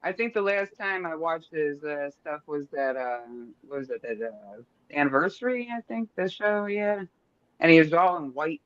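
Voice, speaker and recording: A man's voice: a little high, lively intonation, normal speed, a bit bright. A man co-hosting a casual advice show, swearing freely and talking with animation. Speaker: co-host. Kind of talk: casual podcast chat. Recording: dry, dull lo-fi sound.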